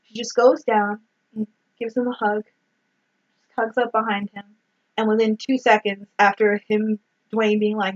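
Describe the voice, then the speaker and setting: Unhurried and level, this woman speaks in a mid-range voice and pauses often while chatting about a movie on a podcast she co-hosts. Her retelling is full of swearing and acted-out lines from scenes, captured in dull lo-fi audio.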